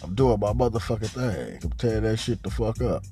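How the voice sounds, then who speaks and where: A man's voice: lively intonation, brisk, soft background music. Profane, rambling male comic storyteller. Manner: profane, rambling, exaggerated bragging delivery; gets louder and higher as the story builds. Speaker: podcast host. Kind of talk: crude comic storytelling monologue.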